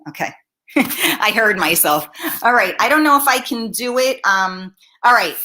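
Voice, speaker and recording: A woman's voice: on the high side, lively intonation, a little slow, bright, forceful tone. A woman hosting a casual livestream from home on her laptop mic, chatting bluntly with viewers and swearing freely. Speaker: livestream host. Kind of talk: casual live-stream chat reading comments.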